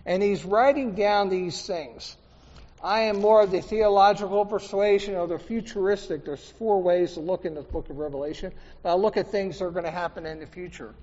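High-ish guy pastor preaching, asks the crowd for amens, dull sound with long church echo. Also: moderate pace, a little mellow. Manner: conversational preaching, asking the congregation for responses. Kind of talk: sermon. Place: church sanctuary. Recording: dull reverberant church recording.

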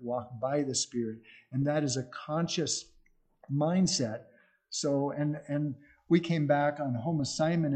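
Middle-aged guy preaching, earnest and chatty, mellow voice. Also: mid-range voice. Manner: earnest, conversational with restarts. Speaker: missionary speaker. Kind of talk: sermon.

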